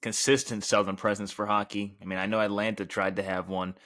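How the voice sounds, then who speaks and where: A man co-hosting a sports podcast, explaining in a measured, easygoing way. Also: on the low side, little pitch movement, a bit bright, no echo, studio quality. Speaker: podcast co-host. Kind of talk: casual sports talk.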